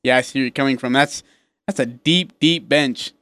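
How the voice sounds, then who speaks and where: A man's voice: medium pitch, normal speed, fairly bright tone, clean tone, no echo. A man co-hosting a sports talk radio show in a studio, joking and laughing easily as he talks.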